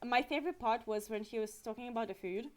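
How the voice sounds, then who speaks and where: A woman giving a casual live-stream recap, animated and giggly, with frequent fillers. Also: on the high side, fast.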